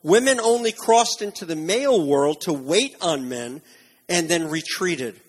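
A man delivers a sermon in a husky, somewhat high voice. He preaches earnestly, pressing his points with emphasis, then softens into quieter, reflective stretches. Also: lively intonation, a little slow. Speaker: pastor.

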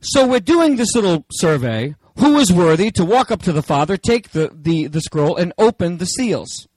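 Male preacher, sermon, high voice, lively swooping delivery, dry sound. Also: normal speed, no room sound, poor audio. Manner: animated, dramatic, playful asides.

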